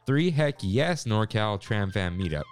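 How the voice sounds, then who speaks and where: A man's voice: on the low side, very animated, measured pace, faint music behind. A young man co-hosting a casual podcast, chatting and reading listener emails aloud. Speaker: podcast co-host. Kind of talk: casual chat.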